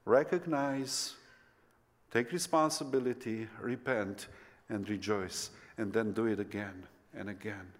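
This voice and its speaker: Guy preaching a sermon, slow and low, big echoey church sound. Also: fairly even intonation. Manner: impassioned, rising to near-shouts then dropping to soft whispers. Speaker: pastor. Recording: long reverb of a church hall.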